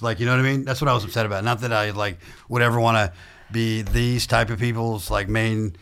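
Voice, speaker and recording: Male comedian from the southern US, low voice, rambling self-interrupting storyteller for a chat podcast. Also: steady tone, fast, a bit bright, clear, resonant tone. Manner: rambling, self-interrupting, laughs while telling stories. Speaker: stand-up comedian, podcast guest.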